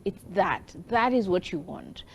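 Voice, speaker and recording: A woman's voice: mid-range voice, animated, measured pace, gravelly, slight background noise. A woman co-hosting a talk show, giving earnest parenting advice in a casual discussion. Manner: earnest, advice-giving, acts out quoted children.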